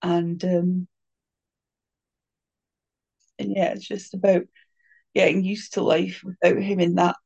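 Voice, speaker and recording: Gravelly voice, mid pitch, soft-spoken, halting, many fillers, candid personal talk. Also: little pitch movement, dull audio. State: crying. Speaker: speaker sharing a personal story.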